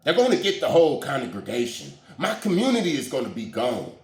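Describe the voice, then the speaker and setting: Man, casual spiritual commentator, slangy and animated, lively pitch, roomy echo. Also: a little fast.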